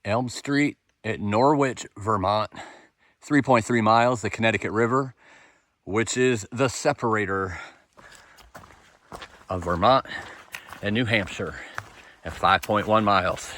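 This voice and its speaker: Low-voiced man hiking and vlogging. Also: a little slow, pauses often, fairly bright tone. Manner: upbeat, chatty, laughs at himself. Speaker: thru-hiker vlogger. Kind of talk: casual hiking vlog narration. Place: outdoors on a trail and town streets.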